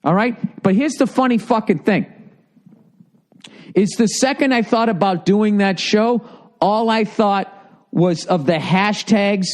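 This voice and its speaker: A Boston-accented man in his fifties rants at length on his podcast, swearing constantly and sounding exasperated. His voice sits fairly high for a man. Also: a little slow. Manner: profane, exasperated ranting. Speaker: podcast host. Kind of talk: ranting monologue reading listener mail.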